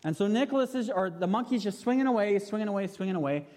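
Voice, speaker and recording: A man's voice: high voice, lively intonation, quick pace, dark tone. A man in his thirties preaching, telling a story animatedly and putting questions to the audience. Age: 30s. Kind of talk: sermon with storytelling. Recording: long hall reverb.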